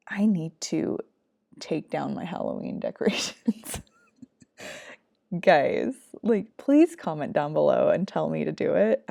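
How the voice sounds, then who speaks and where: Chatty young woman with a gravelly voice. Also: fairly low pitch, warm tone, no room sound, studio quality. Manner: chatty, rambling, laughing asides. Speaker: vlogger, mother. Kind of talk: casual voiceover chat.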